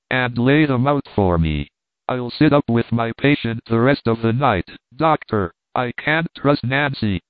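A bossy, motherly older aunt who scolds and commands loudly, put on by a man reading aloud. The sound is tinny and narrow, like a phone line, in a dry space. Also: medium pitch, no room sound, close to an everyday voice. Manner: chiding, loud, commanding.

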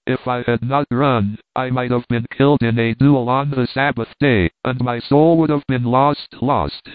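A gentle, devout young man who speaks quietly and solemnly, as a male reader puts him on. The sound is narrow and tinny, like a phone call, with a dry room. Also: medium pitch, fairly even intonation, unhurried, no echo, natural voice.

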